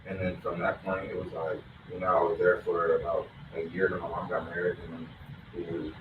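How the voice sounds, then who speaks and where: Male interview guest from Philly, rapid casual slang, low voice, echoey room with clear background noise. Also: completely flat delivery, narrow, tinny audio. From Philadelphia area. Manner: fast, loose street slang. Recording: roomy echo, distant mic, noisy background.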